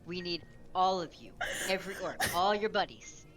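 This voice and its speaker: A woman's voice: on the low side, expressive, normal speed, a bit bright. A woman playing a tabletop game, talking in a bossy, exasperated way. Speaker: player. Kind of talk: tabletop role-play.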